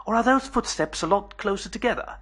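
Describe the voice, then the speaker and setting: Man putting on a high, jittery wizard companion. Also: a little fast, fairly bright tone, slightly rough. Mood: uneasy.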